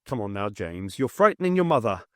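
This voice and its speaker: A bewildered, demanding father, read by a man, urgent and pleading in a storybook telling. His pitch moves a lot and the sound is dry and close. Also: sing-song, fairly quick, fairly bright tone, no room sound.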